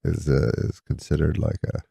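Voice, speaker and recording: A comedian telling a rambling story in a deadpan way, with halting restarts. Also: male voice, very deep voice, vocal fry, slightly rough, no room sound. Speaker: comedian guest. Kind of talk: casual storytelling on a podcast.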